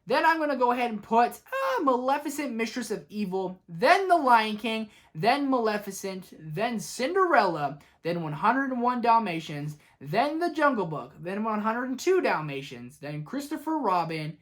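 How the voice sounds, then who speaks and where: A woman's voice: a little high, sing-song, normal speed, few pauses. Chatty, opinionated woman movie vlogger. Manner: enthusiastic, opinionated, chatty, talks to viewers directly. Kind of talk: casual movie ranking vlog.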